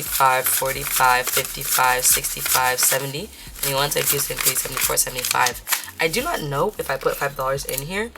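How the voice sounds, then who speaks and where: A young woman with a rumbling low voice vlogs about her budget, counting bills out loud as she chats casually. She drops Spanish phrases into her talk, and there's noise in the background.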